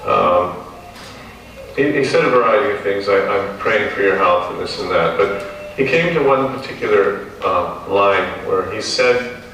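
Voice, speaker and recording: Earnest man recalling, deep echo. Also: expressive, a bit bright, slight background noise. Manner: earnest, quotes others, slows at moving moments. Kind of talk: reminiscing talk. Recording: echoey room, distant mic.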